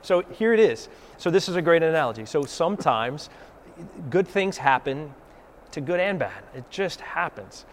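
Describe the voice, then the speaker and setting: A man's voice: a little high, lively intonation, moderate pace. Southern man, co-host of a faith talk, homespun analogies, easygoing delivery, light background noise. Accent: Southern American. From Southern United States. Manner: folksy, uses homespun analogies. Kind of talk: casual faith discussion.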